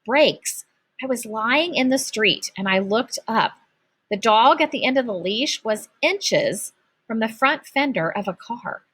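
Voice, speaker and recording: Woman, children's book narration, expressive, lively pitch, fairly high voice. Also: measured pace, breathy edge. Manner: expressive storytelling. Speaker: audiobook narrator.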